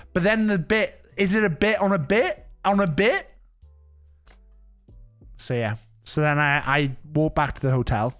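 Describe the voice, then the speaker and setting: A man with a fairly high voice chats casually on a live stream, spinning anecdotes that ramble and restart. He laughs often and keeps it loose. Faint music plays beneath him. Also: fairly bright tone.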